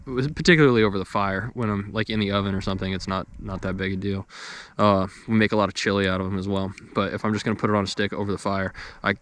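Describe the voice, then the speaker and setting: A man's voice: fairly low pitch, fairly bright tone, slight background noise. A young man in casual talk to the camera outdoors by a campfire, easygoing and rambling, chewing as he talks. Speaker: outdoors vlogger.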